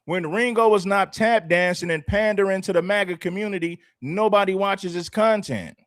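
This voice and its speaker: A man's voice: high voice, moderate pace, dry recording, studio quality. A man hosting a casual talk stream, retelling another creator's claims with sarcasm. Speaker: host. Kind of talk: casual commentary chat.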